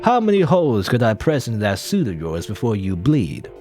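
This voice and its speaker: A man's voice: fairly low pitch, wildly swooping pitch, a little fast, a little mellow, faint music behind. A man playing a grandiose vengeful gunman. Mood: menacing. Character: vengeful theatrical Western gunman, man in his forties.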